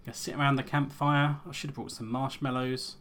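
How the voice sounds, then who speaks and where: A man's voice: mid-range voice, fairly quick, a little hiss or hum. A man hosting a let's play, chatting casually and mocking himself as he comments on the game. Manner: relaxed, self-mocking, with fillers.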